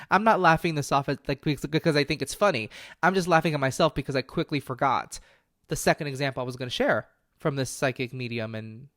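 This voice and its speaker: A man's voice: fairly high pitch, no room sound, studio quality. A man hosting a solo podcast, talking in an earnest, impassioned way and often correcting himself mid-sentence. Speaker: podcast host.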